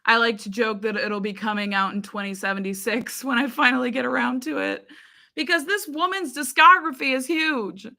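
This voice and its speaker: A woman's voice: fairly high pitch, moderate pace, vocal fry, bright, forceful tone. A young woman and YouTube reaction creator chatting casually with viewers in a live chat. She rambles, uses many fillers and laughs often.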